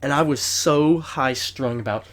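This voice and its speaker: A man's voice: medium pitch, a little slow. Rambling, swearing young man telling a story. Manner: rambling, swears a lot, lively retelling with raised acted-out quotes. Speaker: podcast co-host. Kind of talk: casual storytelling chat.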